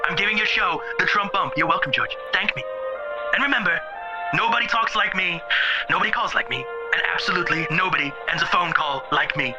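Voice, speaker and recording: A man's voice: sits high, fairly quick, dull audio, over music, lightly acted. A man doing a bragging president impression. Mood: boastful. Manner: bragging, repetitive, self-praising. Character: boastful male impression of a US president. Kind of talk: comedy phone-call impression.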